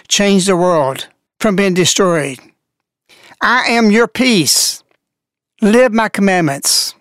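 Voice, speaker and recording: A radio host giving an earnest devotional talk, slowing down to stress key words. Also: medium pitch, no echo, studio quality.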